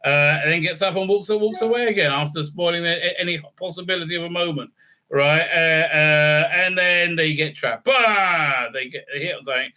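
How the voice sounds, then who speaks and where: Male reviewer, high, piercing voice, sarcastic and profane ranter. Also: normal speed, bright, forceful tone. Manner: sarcastic, profane, stammering fillers. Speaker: show reviewer. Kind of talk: ranting recap commentary.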